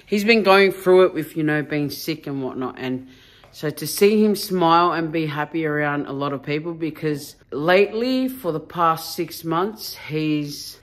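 Playful woman vlogging late at night. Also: deep voice. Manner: chatty and playful, with heartfelt moments. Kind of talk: casual vlog chat. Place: hall and home at night.

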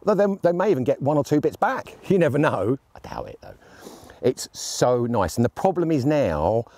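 A man's voice: medium pitch, big pitch swings, normal speed, vocal fry, dark tone, no echo. A man giving a chatty, jokey and enthusiastic gear review outdoors on shooting land.

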